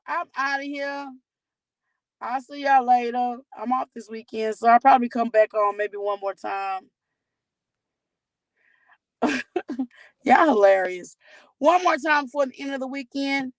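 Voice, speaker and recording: A woman's voice: high-pitched, steady tone, a little slow, long pauses, no echo, rough recording. Chatty woman hosting a livestream. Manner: candid, chatty, talks straight to viewers. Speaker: livestream host. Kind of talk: casual livestream chat.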